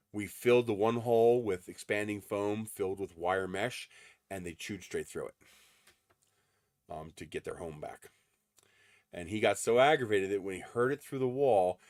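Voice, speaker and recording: A man's voice: on the low side, no room sound, clean studio sound. A man hosting a casual livestream from his desert home, chatting in a rambling way with frequent ums. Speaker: livestream host.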